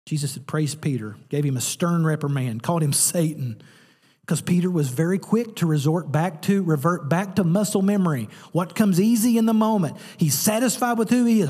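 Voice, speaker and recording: A man preaching a sermon as pastor, telling a story with animated, lively delivery. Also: a little high, normal speed, breathy edge, big-room sound.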